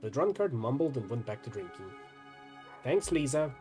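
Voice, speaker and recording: A man streaming and reading a story game aloud, with casual asides, in a lively, expressive way. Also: mid-range voice, fast, faint music behind.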